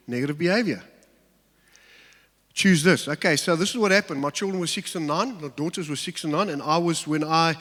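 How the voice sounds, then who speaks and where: A middle-aged man delivers a sermon in a church hall. His voice sits a little on the high side and rings with long reverb. He tells stories with humor and acts out the voices in his asides. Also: a bit bright. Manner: humorous storytelling with acted-out asides. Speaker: pastor.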